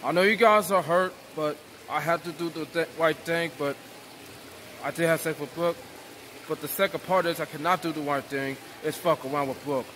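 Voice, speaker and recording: A man vlogging a casual, rambling apology to camera, halting and repeating himself. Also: on the high side, fairly bright tone, slight background noise. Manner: repetitive, halting, with restarts.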